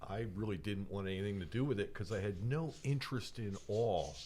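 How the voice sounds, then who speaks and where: A man in his fifties, a sales trainer, chatting as a guest in a relaxed, laid-back way. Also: on the low side, brisk, a little hiss or hum. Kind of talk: casual interview chat.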